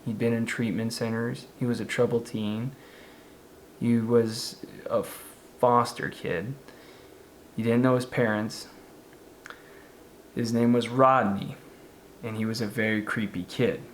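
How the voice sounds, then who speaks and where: A man's voice: mid-range voice, fairly even intonation, a little slow, long pauses, a little hiss or hum. A man casually narrating a spooky true story, now and then acting out the voices of the people in it. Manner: casual, conversational, acts out quoted voices.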